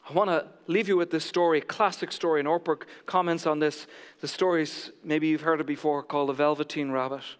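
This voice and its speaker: A man preaching a sermon from the pulpit, moving between loud proclamation and hushed near-whispers. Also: a little high, steady tone, fairly quick, clear, resonant tone, in a large hall. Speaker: pastor. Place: church sanctuary.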